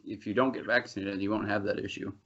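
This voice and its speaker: A man's voice: lowish voice, fairly even intonation, quick pace, fairly bright tone. Rambling, laughing male podcast host. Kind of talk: casual podcast banter. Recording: dull lo-fi podcast audio.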